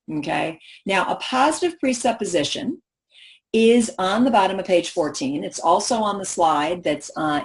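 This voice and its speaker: Woman workshop presenter, animated, question-driven delivery to a live audience. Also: lowish voice. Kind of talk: professional development workshop talk.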